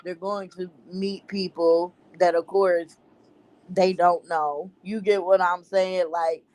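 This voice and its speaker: A host in a casual chat who talks bluntly and in slang, with animated asides. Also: medium pitch.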